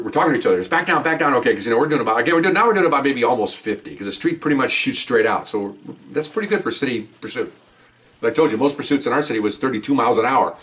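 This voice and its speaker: An older man tells a long story in a relaxed, conversational way. His pitch moves a lot as he acts out other people's voices and trips over his own restarts. He sounds set a little back from the microphone. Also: recorded from a distance. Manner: animated, acts out voices, laughs, many restarts. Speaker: retired police officer telling stories. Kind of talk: casual storytelling.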